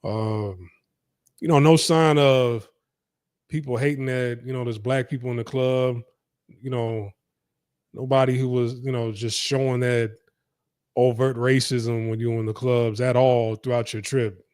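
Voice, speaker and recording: A man's voice: mid-range voice, steady tone, measured pace, darkish tone, smooth, no room sound, clean studio sound. A man hosting a casual chat, asking questions and reacting with short remarks. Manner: laid-back, reacts with short exclamations. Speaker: podcast host.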